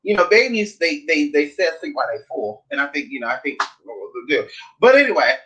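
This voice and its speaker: Sassy, foul-mouthed vlogger with a bright voice. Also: mid-range voice, big pitch swings, fast talker, rough recording. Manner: sassy and blunt, swears often, calls listeners honey and girl. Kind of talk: casual chat vlog.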